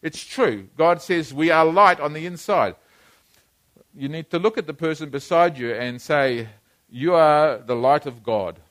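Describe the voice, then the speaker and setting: Emphatic male preacher, higher-pitched. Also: unhurried, a bit bright. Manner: emphatic, repeats key phrases and leads congregation responses. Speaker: pastor. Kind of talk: sermon. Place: church.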